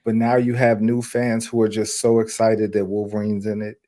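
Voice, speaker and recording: A man's voice: fairly low pitch, monotone, normal speed, dark tone. A man on a film review panel, earnestly laying out his argument point by point. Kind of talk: casual film review chat.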